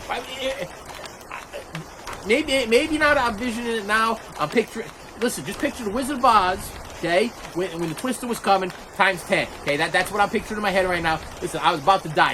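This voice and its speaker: A middle-aged man telling a childhood story as an animated rant, repeating himself and acting out the scenes. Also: high voice, background noise. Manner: animated, repetitive, acts out scenes. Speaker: vlogger.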